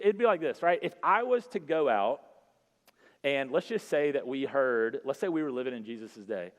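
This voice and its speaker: Conversational preacher in a reverberant hall. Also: male voice. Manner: conversational preaching, repeats phrases, asks "right?"; drops to soft, low emphasis on key words. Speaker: pastor. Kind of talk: sermon. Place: church hall.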